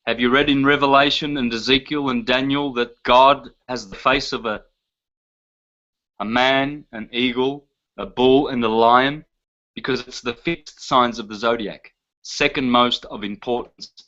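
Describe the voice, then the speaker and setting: A man's voice: medium pitch, sharp tone, dull audio. A man lecturing to a live audience in an emphatic way, listing terms one by one and asking rhetorical questions.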